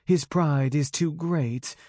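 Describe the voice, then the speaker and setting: A man voicing a worried wolf-shifter mother in an audiobook, gentle and earnest. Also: a little high, slow, no room sound, studio quality, pitched above the performer's own voice.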